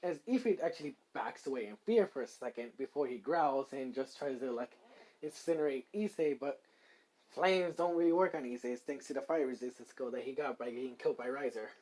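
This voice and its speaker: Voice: mid-range voice, a little fast, a little mellow, low-quality recording. A fan story narrator improvising a story aloud, rambling with many fillers. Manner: rambling, many likes and ums.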